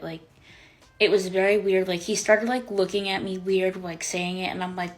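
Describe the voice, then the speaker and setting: Chatty young woman, lower voice. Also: flat delivery, moderate pace, low-quality recording. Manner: chatty, lots of "like" and "um" fillers; dramatic retelling with quoted voices. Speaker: vlogger. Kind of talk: casual storytime.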